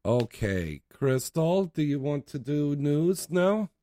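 A man's voice: a little high, very animated, takes it slowly, mellow. A man hosting a late-night talk radio show, chatty, brash and joking with callers.

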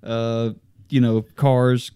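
Laid-back Texan man, halting speech. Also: mid-range voice, level tone, warm tone, clean tone, no room sound, clean studio sound. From Texas. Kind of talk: casual chat.

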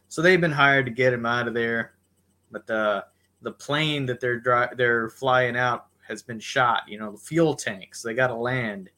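Bright-voiced man recapping a movie. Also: mid-range voice, unhurried. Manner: laid-back storyteller, addresses co-host by name. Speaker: podcast co-host. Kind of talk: casual movie recap chat.

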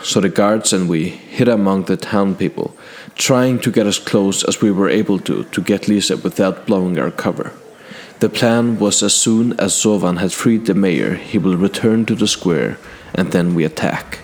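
A man telling a fantasy adventure in character, recounting past deeds to a king in a measured, earnest first-person way. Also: sits low, darkish tone, a little hiss or hum. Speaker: storyteller.

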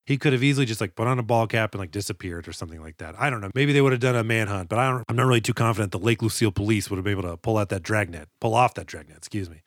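A man's voice: on the low side, very fast, few pauses, no room sound, studio quality. A man co-hosting a movie podcast, riffing in a joking, profane way during casual chat. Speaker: podcast co-host.

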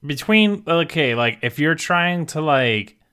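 A man's voice: a little high, lively intonation, slow, bright, forceful tone, clean tone. A man co-hosting a podcast, making crude jokes about a movie's characters. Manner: jokey, crude, chatty. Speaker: podcast co-host. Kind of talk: casual chat about a movie.

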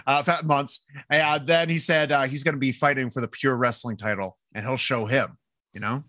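A man's voice: mid-range voice, fairly even intonation, moderate pace, sharp tone, dry recording, studio quality. A man co-hosting a casual show, reading live chat comments and joking around with many fillers. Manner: rambling, joking, lots of fillers. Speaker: podcast co-host.

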